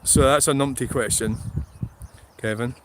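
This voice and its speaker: A middle-aged Scottish man talks bluntly into a phone or camera out in an open field. He rambles, swears freely and laughs often, with his voice sitting at an ordinary pitch for a man. A faint hiss of outdoor noise runs behind him. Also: steady tone, unhurried. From Scotland. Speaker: vlogger. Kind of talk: rambling livestream chat.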